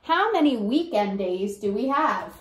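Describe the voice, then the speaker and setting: A young woman teaching a preschool circle time lesson, with slow, sing-song, coaxing teacher talk and songs. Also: fairly high pitch, very animated. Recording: echoey room with faint noise.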